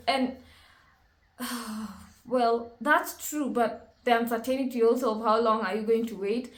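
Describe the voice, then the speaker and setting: Higher-voiced woman reacting in a roomy space. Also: steady tone, unhurried. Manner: emotional, exclaims often, thinks aloud. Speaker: reaction video host. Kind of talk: casual reaction commentary. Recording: roomy echo with faint music.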